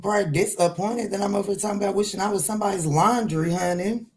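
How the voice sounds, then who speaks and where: A middle-aged woman with an ordinary mid-range voice chats loosely with her viewers as a tarot reader. She is playful and quick to laugh, and she answers their comments in a relaxed, teasing way. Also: mid-range voice, slight background noise. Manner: chatty and playful, laughs often, talks back to the chat. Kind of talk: casual livestream chat.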